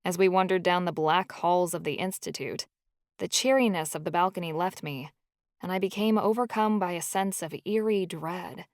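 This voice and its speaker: A woman narrates a first-person audiobook in a storytelling delivery. Her voice sits a little low. The recording is dry and close, with no room sound. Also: moderate pace, no room sound.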